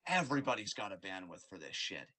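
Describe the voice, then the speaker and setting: A man's voice: sits low, very animated, quick pace, sharp tone, breathy edge. A man co-hosting a podcast, ranting in casual, profane, rambling chat. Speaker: podcast co-host.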